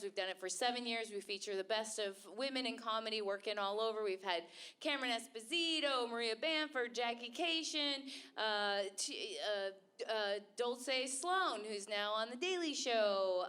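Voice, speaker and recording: A woman's voice: a little high, a bit bright. Woman introducing a comedy show. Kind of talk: live event introduction.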